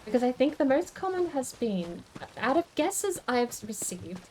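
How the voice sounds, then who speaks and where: A woman's voice: high voice, sing-song, normal speed, a little mellow, a little hiss or hum. Chatty musing woman streamer. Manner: chatty and musing, with many restarts; answers chat comments aloud. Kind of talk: casual stream chat.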